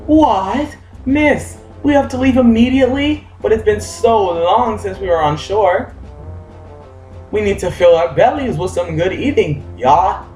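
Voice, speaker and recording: A man doing a whiny high-voiced pirate with a drawl. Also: a little slow, a little mellow, roomy sound, soft background music, low-quality recording. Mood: whiny pleading. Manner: pleading, rambling, says y'all. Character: burly male pirate whining in a high drawl.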